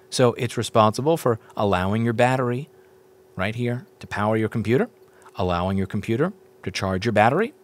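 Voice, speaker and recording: A man teaching board repair in a casual walkthrough, explaining step by step, repeating points and asking viewers questions as he goes. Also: mid-range voice.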